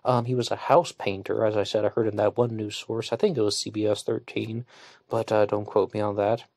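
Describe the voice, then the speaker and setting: A man's voice: on the low side, level tone, brisk, vocal fry, a little mellow, no echo, studio quality. A man hosting a solo podcast in casual commentary, blunt and scornful, with frequent fillers and swearing. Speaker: podcast host.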